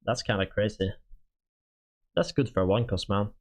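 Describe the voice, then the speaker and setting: He's a native Swedish speaker with a Swedish accent, working through game units on stream with lots of fillers and a casual, halting manner. His voice sits on the low side.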